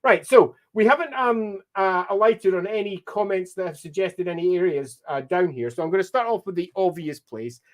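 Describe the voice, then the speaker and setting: A man with a mixed Scottish accent hosting a live stream, thinking aloud as he works and answering viewer comments in a relaxed way. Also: high-pitched, normal speed, few pauses. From Scotland. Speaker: stream host and mapmaker. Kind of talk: live-stream commentary while drawing a map.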